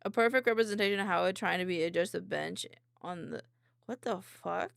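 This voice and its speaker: A woman streamer reacting to videos in casual commentary, excitable, swearing often and laughing a lot. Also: lowish voice, fairly quick, gravelly, no room sound, studio quality.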